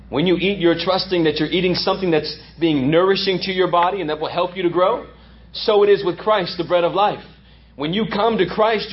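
A man's voice: high voice, highs cut off. A man preaching a sermon as pastor, emphatic and repeating lines for effect.

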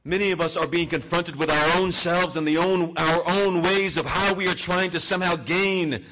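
A male pastor preaching a sermon in an emphatic style that swings between loud and soft. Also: high-pitched, fairly even intonation, normal speed, dull audio.

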